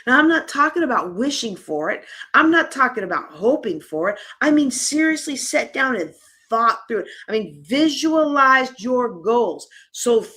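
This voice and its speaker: Woman, workshop presenter, slightly high voice, lively, conversational. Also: moderate pace. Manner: lively and conversational, addressing the audience directly. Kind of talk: live conference workshop talk.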